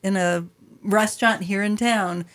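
Woman host reflecting on the guest's story, calm and thoughtful. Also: mid-range voice, a little slow. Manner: thoughtful, sums up what she heard. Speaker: interviewer. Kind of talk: reflective conversation.

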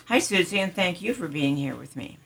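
An older woman with a scratchy voice, a retired doctor hosting a community radio health show in a measured, friendly way. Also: fairly low pitch, animated, creaky, a bit bright, slightly rough.

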